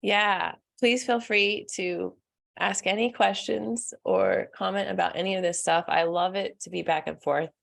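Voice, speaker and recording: A young woman hosting a live stream as a spiritual coach, talking softly and earnestly, laughing often and answering comments from the chat. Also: medium pitch, steady tone, a little slow, gravelly. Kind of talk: casual live-stream talk.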